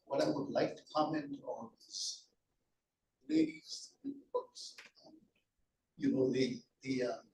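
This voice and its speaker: A man in the audience with a gravelly voice, giving a halting comment and searching for his words. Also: on the high side, wildly swooping pitch, darkish tone. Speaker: audience member. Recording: roomy sound from a distance, faint noise.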